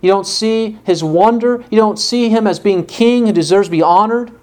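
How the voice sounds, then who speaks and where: A man's voice: high-pitched, moderate pace, darkish tone. A man preaching a sermon with earnest conviction. He poses pointed rhetorical questions and tells a story to illustrate his point.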